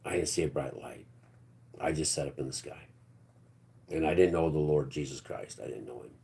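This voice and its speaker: A man's voice: very deep voice, moderate pace, creaky, mellow, slight background noise. A man hosting a live stream, telling a long personal story in a rambling, blunt, earthy way.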